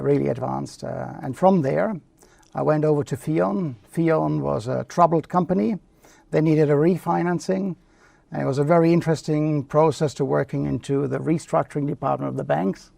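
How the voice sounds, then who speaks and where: A man's voice: on the high side, gravelly, warm tone, no echo, far from the mic. A man speaking as a guest on a live panel, recounting his career in a matter-of-fact, step-by-step way. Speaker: panel guest, treasury leader.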